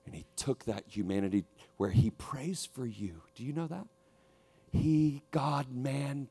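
A man preaching a sermon, swinging from hushed, low passages to loud, emphatic repeated lines. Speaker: pastor.

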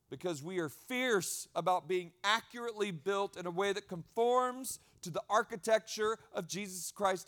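A man preaching a sermon to his church, animated and conversational, with asides and repeated phrases. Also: high voice. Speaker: pastor.

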